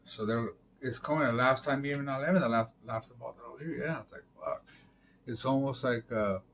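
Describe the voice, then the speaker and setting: A man's voice: mid-range voice, fairly quick, vocal fry, a bit bright, a little hiss or hum. A man rambling through a casual monologue on a live stream, full of fillers, swearing and emphatic interjections.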